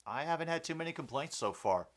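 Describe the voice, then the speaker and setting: A man's voice: fairly high pitch, animated, fast talker. Chatty man calling a game casually. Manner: chatty, rambling, with many fillers and restarts. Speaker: host of a sports commentary stream. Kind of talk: casual play-by-play commentary and viewer chat.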